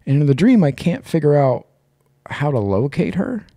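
A man's voice: fairly high pitch, sing-song, moderate pace, mellow, no echo, studio quality. A man co-hosting a podcast, telling a long personal story in casual chat, rambling and swearing freely. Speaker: podcast co-host.

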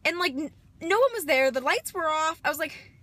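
A woman's voice: high-pitched, animated, fairly quick, a bit bright. A young woman chatting through a casual vlog, rambling and dramatic. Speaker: vlogger.

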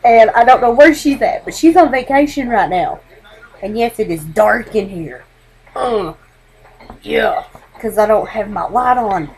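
A teenage girl vlogging on her webcam from a dark bedroom at home, hyper and giggly, rambling from one thing to the next. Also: on the high side, animated, measured pace, gravelly, rough recording. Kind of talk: casual webcam vlog.

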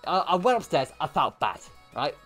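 A young man livestreaming, telling a story to his chat in an animated way with lots of swearing and bursts of laughter. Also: fairly high pitch, normal speed, soft background music. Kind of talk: casual storytelling to stream chat.

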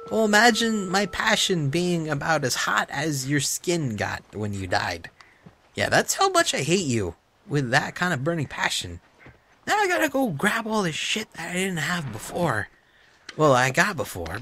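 A man giving let's-play commentary, taunting enemies with mock politeness and swinging between hushed whispers and loud yells. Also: a little high, huge pitch swings, unhurried, slight background noise. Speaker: gaming commentator.

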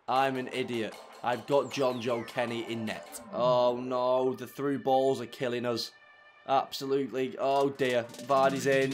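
A young man commentating his own football video game, swinging from muttered grumbles to shouted celebration. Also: mid-range voice. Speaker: gaming YouTuber. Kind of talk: live gameplay commentary.

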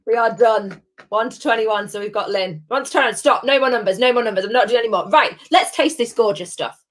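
Hosting a live gin tasting streamed from her home, a woman chats bubbly and greets viewers by name. Her voice runs on the high side and a little fast.

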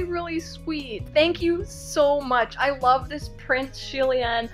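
A woman's voice: high-pitched, slow, soft background music. A woman in a casual unboxing vlog, gushing with gasps and exclamations as she opens fan mail. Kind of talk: excited unboxing chat.

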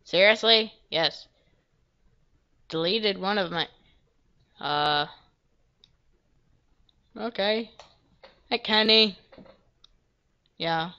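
A woman giving casual, self-deprecating commentary while she plays a video game, now and then breaking into loud yelps. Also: medium pitch, drawn-out words, long pauses, smooth, highs cut off. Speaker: gameplay video creator. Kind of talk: casual let's-play commentary.

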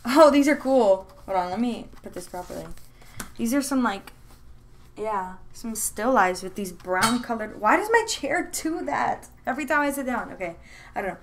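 A woman's voice: fairly high pitch, lively intonation, moderate pace, a little hiss or hum. Chatty young woman gushing over sketches. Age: young adult. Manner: chatty and rambling, with many fillers and restarts; gushing and enthusiastic. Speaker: art vlogger. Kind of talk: casual chat. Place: room at home.

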